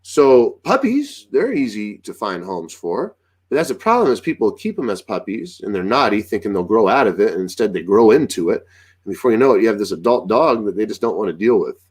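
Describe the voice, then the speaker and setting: A man's voice: fairly low pitch, fairly quick, husky. A man giving casual dog-training advice, acting out what dogs and owners might say. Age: adult with a young daughter. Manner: animated, acts out dialogue with dogs and owners.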